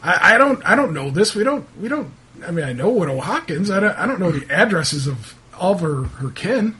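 Man playing a grumpy rural drinker, defensive, exasperated, husky, lively pitch. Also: a little fast, full character voice.

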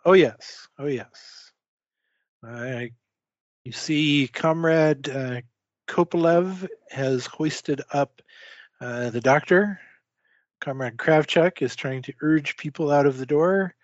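A man narrating a tabletop game as game master, speaking haltingly with many filler pauses. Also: a little high, dry recording. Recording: dull lo-fi dry recording.

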